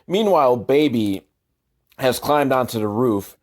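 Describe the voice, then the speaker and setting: Casting note: male host, mid-pitched, sarcastic rambling movie riffs, lots of "like" and "um". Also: animated, a little slow. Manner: rambling, sarcastic, self-deprecating asides. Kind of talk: casual comedic movie commentary.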